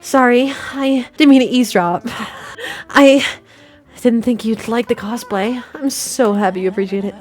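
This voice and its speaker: A woman's voice: fairly high pitch, normal speed, soft background music, voice pushed up, close to an everyday voice. A woman voicing a shy, emotional young woman who gushes timidly, reading game dialogue aloud. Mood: shy, gushing. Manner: timid, gushing.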